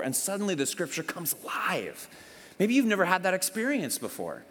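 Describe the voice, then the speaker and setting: A man's voice: high-pitched, fairly quick, slightly rough. Man preaching in an echoing church hall. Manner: conversational, animated storytelling with acted-out dialogue. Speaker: pastor. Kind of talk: sermon. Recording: long hall reverb.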